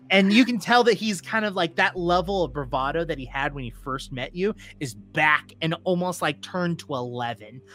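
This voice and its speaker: A game master narrating a tabletop role-playing scene with lively, animated storytelling. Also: mid-range voice, normal speed, hardly any pauses. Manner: animated storytelling, laughs often.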